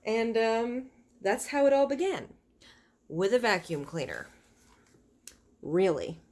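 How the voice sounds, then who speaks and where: A woman's voice: on the high side, animated, takes it slowly, darkish tone. A woman reading a children's novel aloud, stopping for chatty asides that explain the pictures and fonts. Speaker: reader of a children's book.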